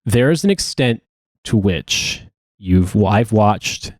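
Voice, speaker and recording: A man with a fairly low voice co-hosts a podcast in loose, casual chat. He talks in an animated, profane way and often breaks into laughter. The sound is dry and close to the mic. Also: takes it slowly, dry recording. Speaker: podcast co-host.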